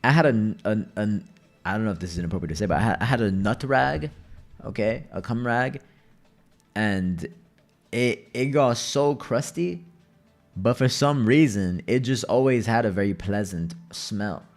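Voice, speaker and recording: Low-voiced young man rambling while gaming. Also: animated, normal speed, faint music behind. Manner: rambling, swearing, chatty storytelling. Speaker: streamer. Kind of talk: casual gaming commentary.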